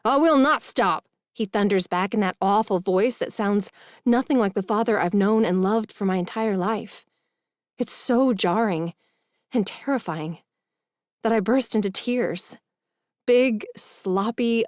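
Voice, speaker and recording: Woman, romance audiobook narrator, expressive, mid pitch, dry close mic. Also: a little slow, dry recording. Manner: expressive, emotional reading.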